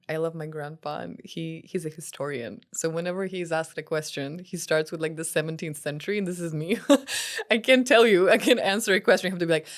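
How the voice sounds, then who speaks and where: A woman speaks on a podcast as a guest. Her voice sits fairly low for a woman, and she tells her stories in an animated way, acting out what people said. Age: late 20s. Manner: animated storytelling, acts out quotes, laughs often. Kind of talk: casual conversation.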